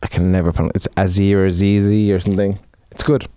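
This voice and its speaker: A woman's voice: very deep voice, flat delivery, quick pace, mellow, dry recording, clean studio sound. Sarcastic, hungover woman on a podcast. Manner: sarcastic, swearing, easygoing. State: hungover and tired. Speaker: podcast co-host. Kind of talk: casual chat.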